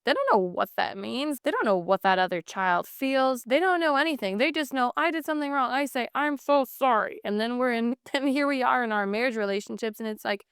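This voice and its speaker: A woman's voice: a little high, animated, a little fast, few pauses, smooth, no echo, studio quality. A woman in her thirties co-hosting a podcast, talking in an earnest, flowing, explanatory way. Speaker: podcast co-host. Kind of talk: casual chat.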